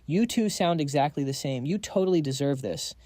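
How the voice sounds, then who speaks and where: A man's voice: a little high, expressive, fairly quick, mellow, no echo, clean studio sound, natural voice. A man voicing a cocky, cold young male hero who taunts his enemies in a recap story. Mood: smug. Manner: smug, taunting.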